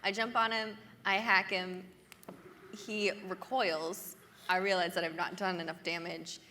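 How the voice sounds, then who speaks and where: A woman's voice: fairly low pitch, little pitch movement, measured pace, bright, forceful tone, slight background noise. A woman playing a halfling in a live tabletop game, calling out her actions plainly and without hurry. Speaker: player. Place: stage at a large convention hall.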